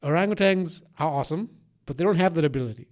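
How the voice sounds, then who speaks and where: A young man with a mixed accent co-hosts a casual podcast chat. His voice sits a little high, and he rambles, swears freely and restarts his sentences as his ideas run ahead of him. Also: quick pace. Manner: rambling, profane, animated, many restarts. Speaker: podcast co-host.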